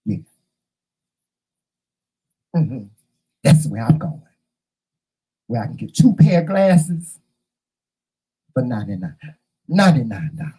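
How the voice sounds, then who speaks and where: A man hosting his own show, telling stories to camera in a casual, animated and profane way. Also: mid-range voice, slow, long pauses, husky, low-quality recording. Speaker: host.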